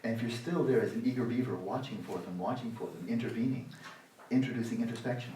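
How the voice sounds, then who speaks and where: A man's voice: medium pitch, fast, slight background noise. Wry older man teaching in a roomy hall. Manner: sarcastic, animated, acts out inner voices. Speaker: meditation teacher. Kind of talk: dharma talk at a retreat. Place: meditation retreat hall. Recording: roomy hall, voice from the mic's distance.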